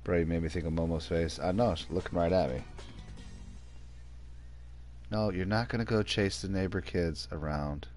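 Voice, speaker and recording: A man's voice: low voice, steady tone, normal speed, pauses often, a little mellow, soft background music. A man streaming a game, chatting casually with viewers and his pet. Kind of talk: casual livestream chat.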